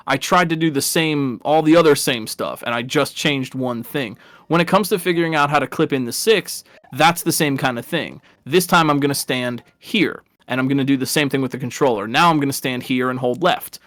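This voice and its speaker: A man's voice: mid-range voice, brisk, fairly bright tone, dry recording. A man casually commentating a live video game race, rambling and chatty, laughing at his own stories.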